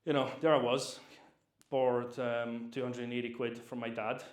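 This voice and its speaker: A man's voice: medium pitch, little pitch movement, normal speed, roomy sound. A young man with a Scottish accent, Polish by birth, telling his story as a guest in a casual interview, rambling with lots of fillers and restarts. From Scotland. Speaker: private chef, guest.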